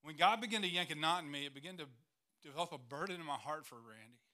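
A man's voice: on the high side, fast, pushed and bright. A man, a church planter telling stories in a missions presentation, earnest and emotional, near tears at times.

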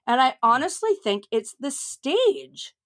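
A woman in her fifties chatting in an interview, telling stories in a frank, animated way. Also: high voice, unhurried. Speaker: comedian interviewee. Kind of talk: casual interview chat.

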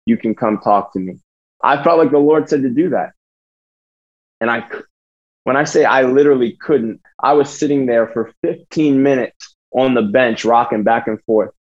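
A man preaching a sermon to students, emphatic and repeating phrases. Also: mid-range voice. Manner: emphatic, repeats phrases, acts out his own thoughts. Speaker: youth preacher. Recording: dull lo-fi sound.

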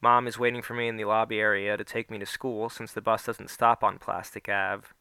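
A man's voice: lowish voice, little pitch movement, a little fast, vocal fry, sharp tone, clear, resonant tone, no room sound. A man narrating a first-person story aloud, giving the characters small shifts of voice.

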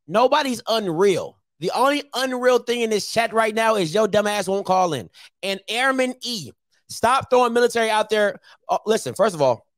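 A man with a very high voice hosts a heated call-in show. He is blunt and confrontational and hammers his points home by repeating them. The sound is dry and close. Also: fairly bright tone, no echo.

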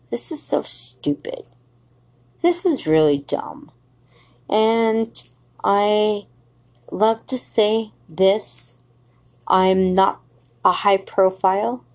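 A woman's voice: mid-range voice, takes it slowly, long pauses, a little mellow. A woman podcast host giving a rambling, profane, confrontational solo monologue addressed to someone.

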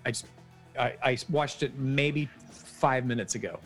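A man's voice: mid-range voice, measured pace, fairly bright tone, faint music behind. Laid-back male podcast co-host. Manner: loose, profane, laughing banter. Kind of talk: casual podcast chat.

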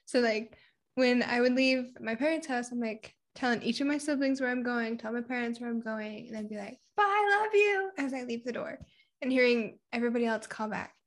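A woman's voice: on the high side, fairly even intonation, fairly quick. A young woman from Puerto Rico chatting candidly, telling personal stories and acting out little quotes. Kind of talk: casual conversation.

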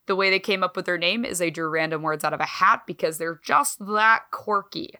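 A woman co-hosting a podcast in casual chat, talking in an animated, swearing, self-mocking way. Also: fairly low pitch, fast. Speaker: podcast co-host.

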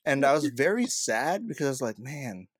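Lively, laughing young podcast guy. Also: mid-range voice, moderate pace, breathy edge, no echo, studio quality. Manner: laughs often while telling a self-deprecating story. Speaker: podcast co-host. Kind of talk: casual chat.

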